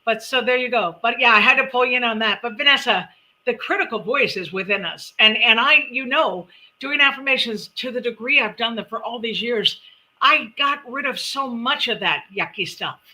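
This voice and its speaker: A woman's voice: fairly high pitch, normal speed, pushed and bright, rough recording. A middle-aged woman hosting a live-stream, chatting animatedly and giving numerology readings. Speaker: numerologist host.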